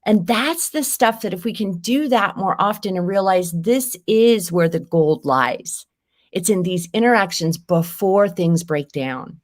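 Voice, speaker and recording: A woman's voice: mid-range voice, animated, a little slow. A woman educator speaking as a podcast guest, affirming and agreeing often in casual conversation. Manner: warm affirming listener, frequent agreement.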